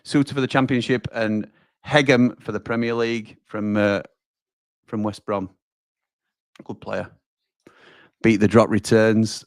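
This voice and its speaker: In a dry recording with clean studio sound, a man with a lowish voice hosts a live football watch-along. He's chatty, gets loud when chances come, and reads viewer comments while calling everyone pal and mate.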